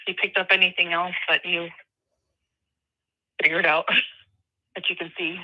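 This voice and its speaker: Older woman caller, low voice, halting, muffled phone line. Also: flat delivery, slight background noise. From North Carolina. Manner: hesitant, halting.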